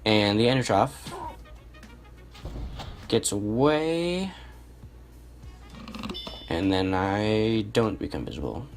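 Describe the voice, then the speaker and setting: A fairly low-pitched young man talks through a replay of his own match in a relaxed, unscripted way, often stopping to correct himself. Quiet music plays behind him. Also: slow pace, long pauses. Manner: relaxed, self-correcting, thinks aloud. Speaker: gameplay commentator. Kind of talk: casual match commentary over gameplay.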